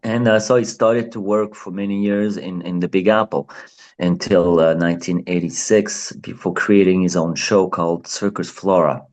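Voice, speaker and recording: A deep-voiced man with a French accent speaks in a relaxed interview. He is a native French speaker, and his English is halting, full of pauses and fillers as he searches for words. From France. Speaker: clown and circus performer. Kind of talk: casual interview chat.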